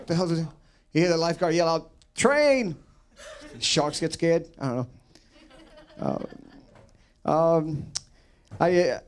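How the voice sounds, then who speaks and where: A man's voice: on the high side, a little mellow. A man from New York City doing a rambling stand-up set, full of fillers and restarts. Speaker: stand-up comedian.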